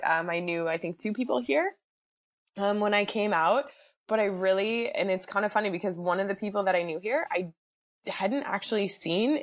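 A woman guest on a podcast, chatting casually about her own life and acting out what people said. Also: fairly low pitch. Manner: chatty, acts out quoted dialogue. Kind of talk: casual personal storytelling.

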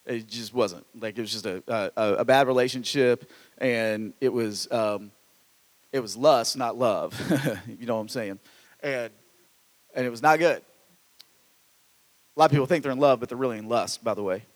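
A man preaching a sermon in an animated way, swinging from loud exclamations to hushed asides, with stammered restarts. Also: mid-range voice, moderate pace, long pauses, big-room sound. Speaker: pastor.

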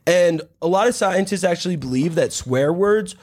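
A man's voice: sits high, animated, moderate pace, darkish tone. A young man co-hosting a casual podcast chat, rambling with lots of fillers and swearing freely. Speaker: podcast co-host.

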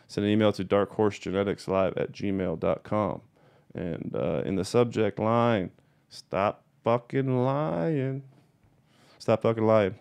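A young man with a slightly low, smooth and clear voice rants in a casual video monologue. He talks bluntly and heatedly and swears constantly. He hammers his points home by repeating them. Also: a little mellow. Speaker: cannabis breeder.

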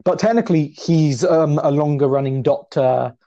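A man's voice: fairly high pitch, moderate pace, warm tone. A man co-hosting a casual podcast chat, talking chattily and laughing often. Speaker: podcast co-host. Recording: dull lo-fi audio.

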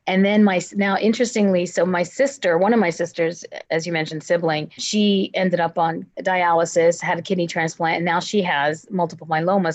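A woman guest telling a personal story in an interview, earnest in tone and voicing relatives' words as she goes. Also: on the low side. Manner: earnest, acts out family members' words.

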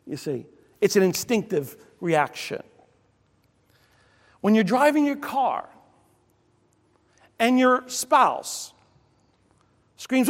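Male pastor, fairly high voice, animated sermon delivery, long church reverb. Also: unhurried, long pauses. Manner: animated, with sudden loud exclamations.

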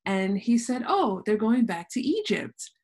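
A woman's voice: mid-range voice, sing-song, measured pace, darkish tone, breathy edge. A woman hosting a podcast, telling stories animatedly, acting out quotes and laughing often. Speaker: podcast host. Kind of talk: casual conversational interview.

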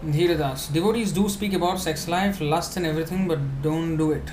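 A man giving a conversational spiritual talk, answering questions with many fillers and restarts, now and then laughing softly. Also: on the high side, a little fast, slight background noise.

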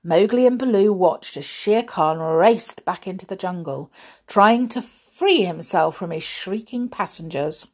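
A middle-aged woman, a mother, reading a children's story aloud in a gentle, chatty way. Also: mid-range voice, expressive, measured pace. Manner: gentle, chatty, with soft laughs.

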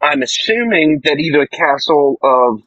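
A man's voice: on the high side, sing-song, normal speed, creaky, a bit bright, highs cut off, a little hiss or hum. A man playing a tabletop game, telling what his character did in a rambling, joking way, often correcting himself. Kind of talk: casual actual-play chat.

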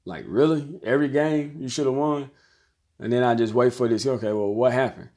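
Man, 30s, casual coach talking to camera, repeats himself, mid-pitched, everyday delivery. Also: brisk, mellow. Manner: conversational, repeats phrases, acts out quoted voices. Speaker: basketball coach and commentator. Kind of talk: casual talk to camera, reviewing an article.

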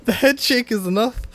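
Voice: medium pitch, fairly bright tone, a little hiss or hum. A podcast co-host on a video call, chatting casually and laughing a lot. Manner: giggly, quick to laugh, chatty. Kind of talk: casual chat.

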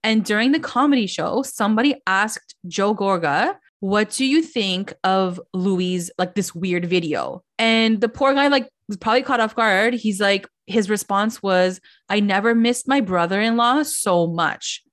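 Woman host, casual pop culture chat, chatty and gossipy, mid-pitched. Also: a little slow, hardly any pauses. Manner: chatty, lots of "like", quotes others in voices. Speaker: podcast host.

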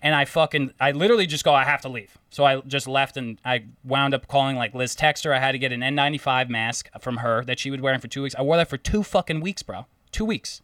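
A young man telling a story in casual chat, animated and swearing often, quoting himself and others. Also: medium pitch, quick pace, few pauses, dry recording, distant mic. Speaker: home care therapist.

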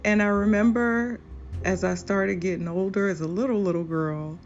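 A woman hosting a podcast, speaking in a slow, earnest, confessional monologue. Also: mid-range voice, fairly even intonation. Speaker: podcast host. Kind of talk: personal reflective monologue. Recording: dull lo-fi recording with faint music.

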